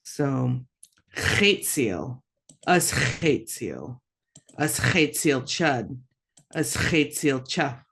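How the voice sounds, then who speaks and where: A woman teaching a language lesson, slow and patient, repeating words for learners to echo. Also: very deep voice, animated, vocal fry, a bit bright, husky.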